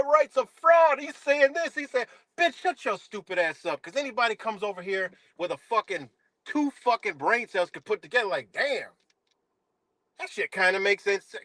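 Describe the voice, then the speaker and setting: A man's voice: high voice, a bit bright, no room sound. A man hosting a livestream, ranting in an aggressive, profane and mocking way. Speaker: livestream host.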